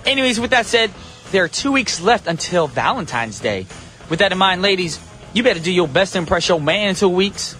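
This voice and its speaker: A young man hosts a morning radio show from the studio in a bright, upbeat, joking way. His voice sits high for a man. Soft music plays faintly under his talk. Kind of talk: casual radio hosting.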